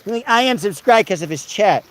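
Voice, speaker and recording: Male streamer, slightly high voice, walking outdoors, casual banter with chat, reads comments aloud. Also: animated, a little fast. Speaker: livestreamer reading chat.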